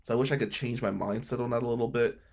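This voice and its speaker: A man's voice: steady tone, quick pace, gravelly. A man in his thirties from Atlantic City, a trial attorney talking bluntly and with plenty of swearing about his hard early career. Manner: blunt and profane, swings from low and subdued to loud and heated. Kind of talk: candid interview monologue.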